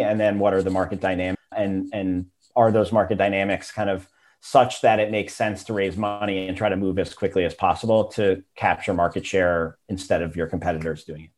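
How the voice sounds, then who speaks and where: A man guesting on a business podcast as an investor, talking in a relaxed way with many fillers. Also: lowish voice. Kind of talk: casual interview.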